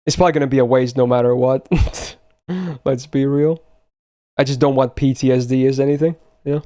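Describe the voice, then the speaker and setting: A man's voice: mid-range voice, steady tone, fairly quick, dark tone. A young man chatting casually on a live stream, blunt and swearing often as he talks to his chat.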